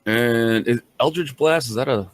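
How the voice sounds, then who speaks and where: A man's voice: medium pitch, measured pace, no echo. A man playing a tabletop game, easygoing, asking about the rules and his turn. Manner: easygoing, asks rules questions. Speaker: player. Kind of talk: casual tabletop game chat.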